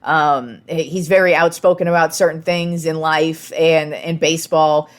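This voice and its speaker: A woman's voice: sits low, steady tone, moderate pace. A young woman hosting a casual sports podcast, talking frankly and with plenty of filler words.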